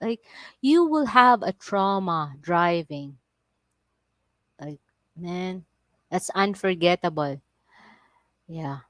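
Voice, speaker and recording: A middle-aged woman with a Filipino accent chatting casually on a livestream, telling stories in animated broken English and laughing often. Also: on the low side, takes it slowly, long pauses, no room sound. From Philippines. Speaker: vlogger on a livestream.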